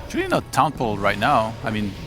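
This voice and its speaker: A man doing live commentary on a strategy game match, getting excited on big plays. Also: fairly low pitch, quick pace. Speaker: esports commentator. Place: event studio.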